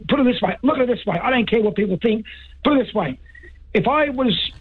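A man's voice: very high-pitched, animated, fast talker, breathy edge. A man with an Australian accent calling in to a talkback radio show, rambling and emphatic, repeating himself, heard over a muffled phone line. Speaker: talkback caller. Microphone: telephone.

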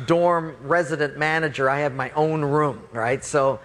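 A preacher telling a story from the pulpit in an animated, expressive and playful way. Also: male voice, on the high side, measured pace, big-room sound. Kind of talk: sermon storytelling.

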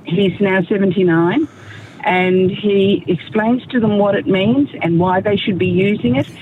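A woman's voice: mid-range voice, measured pace. A woman with an Australian accent calling in to a talkback radio show, telling a chatty story. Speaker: caller. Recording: tinny phone line with background noise.

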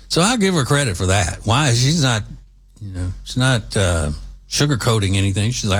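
A man's voice: mid-range voice, big pitch swings, normal speed, breathy edge. Folksy middle-aged man. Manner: rambling, conversational, folksy asides. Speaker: commentary show host. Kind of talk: casual political commentary monologue.

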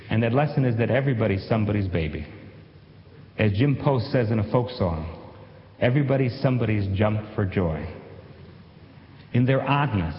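A man who used to teach, telling a personal story in a measured way and slowing down on key phrases. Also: medium pitch, slight background noise. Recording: dull sound in an echoey hall.

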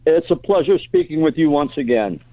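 A man's voice: fairly high pitch, animated, brisk, narrow, tinny audio. A man in his sixties from the Midwest, calling in to a radio show and telling stories in a chuckling, folksy way. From Midwest United States. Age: 60s. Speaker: caller. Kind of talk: casual phone-in chat.

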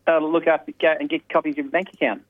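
A man rants fast down a tinny phone line, chuckling as he goes. His voice is mid-pitched and dry. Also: level tone, no echo. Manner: rapid, ranting, laughs mid-sentence. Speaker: caller.

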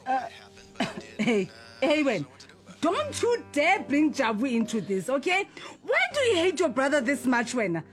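A woman's voice: high-pitched, very animated, unhurried, faint music behind. A woman with a South African accent plays a hot-tempered mother who scolds and accuses her child in dramatic outbursts. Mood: accusing. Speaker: comedy skit actor.

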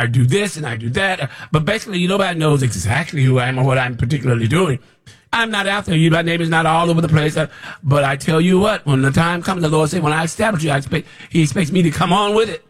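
Male preacher, husky, fairly high-pitched, scolding, repeats himself, climbs toward shouts. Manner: scolding, repetitive, rising to near shouts. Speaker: self-described prophet. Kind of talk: preaching monologue.

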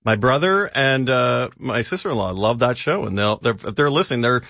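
A relaxed male radio host, talking loosely and stumbling over words now and then. His voice is dry and close, with the slightly dull tone of a broadcast recording. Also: mid-range voice, vocal fry, no echo. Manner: relaxed, chatty, halting with fillers. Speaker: radio co-host, film reviewer. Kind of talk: casual radio chat. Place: radio studio.

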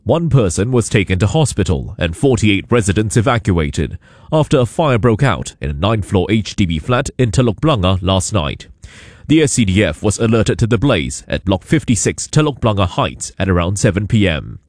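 Measured male radio newsreader. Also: fairly low pitch, very animated, dry recording, clean studio sound. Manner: measured, formal delivery. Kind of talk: read news bulletin.

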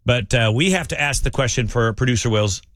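A man's voice: medium pitch, a little fast, a bit bright, no echo, studio quality. A man hosting a radio show, explaining a call-in game in a rambling, self-correcting way. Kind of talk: casual radio banter. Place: radio studio.

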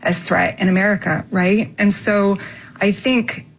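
A woman's voice: mid-range voice, fairly even intonation, unhurried, gravelly, husky, poor audio. A woman speaking as a guest expert in a radio interview, earnest and explanatory, often checking in with "right?" as she builds her points.

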